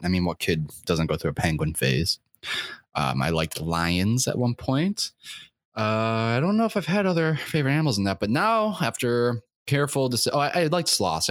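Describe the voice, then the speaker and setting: Low-voiced young man ranting crudely. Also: a bit bright, no echo, clean studio sound. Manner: crude, profane, gets worked up; rambling with many fillers. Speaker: podcast host. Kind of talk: comedic rant.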